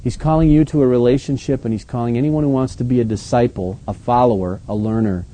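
A man acting as pastor, reading scripture aloud and then commenting on it in a relaxed, conversational way. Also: mid-range voice, fast talker, few pauses, rough recording. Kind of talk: Bible reading with sermon commentary.

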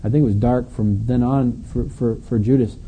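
Dark-voiced preacher, conversational. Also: male voice, medium pitch, steady tone, moderate pace, slight background noise, rough recording. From Wisconsin, United States. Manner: storytelling preacher, reads scripture then explains it conversationally. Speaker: pastor. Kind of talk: sermon.

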